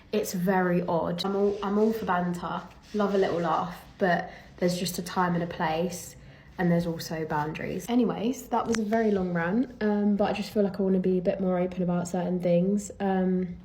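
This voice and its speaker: A woman's voice: on the low side, a little mellow. A young woman with an English accent, a professional golfer, talking casually to camera in a vlog rant. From England. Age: young adult.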